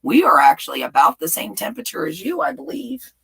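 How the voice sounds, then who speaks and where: Woman, livestream host, rambling casual chat, husky voice. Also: medium pitch, big pitch swings, quick pace, fairly bright tone, poor audio. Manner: rambling, chatty, reads viewer comments aloud. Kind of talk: casual live chat with viewers.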